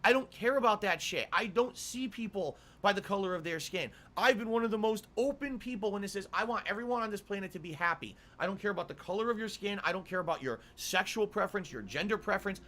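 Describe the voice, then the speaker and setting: Indignant middle-aged man, swearing rant, high and bright. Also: lively intonation, quick pace, few pauses. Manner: indignant, swearing, repeating demands. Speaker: streamer. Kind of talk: angry rant to camera.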